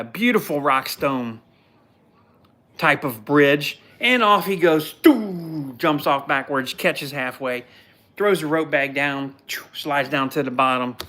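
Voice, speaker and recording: Male podcast host, blunt and mocking, animated casual storyteller. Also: a little high. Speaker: podcast host recapping a show. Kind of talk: casual live recap.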